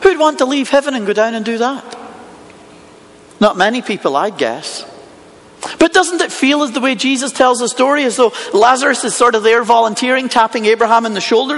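A man's voice: high voice, expressive, moderate pace, a bit bright. A man preaching a sermon, telling a Bible story with rhetorical questions. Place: church hall with congregation and online viewers. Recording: long hall reverb.

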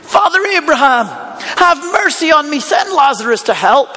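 A man voicing an arrogant rich man in torment, loudly demanding help. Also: extremely high pitch, big pitch swings, normal speed, big-room sound, pitched above the performer's own voice, exaggerated voice. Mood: imperious.

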